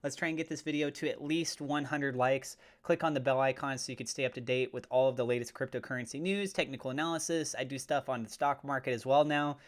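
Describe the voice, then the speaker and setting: A man hosting his own cryptocurrency channel, chatting casually and getting excitable as he watches prices move. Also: medium pitch, quick pace, few pauses. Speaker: crypto YouTuber. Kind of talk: casual commentary to camera.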